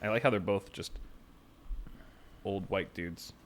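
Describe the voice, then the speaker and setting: A man's voice: deep voice, measured pace, slight background noise. Laid-back young man, casual podcast chat. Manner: laid-back, swears freely, laughs often. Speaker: podcast co-host.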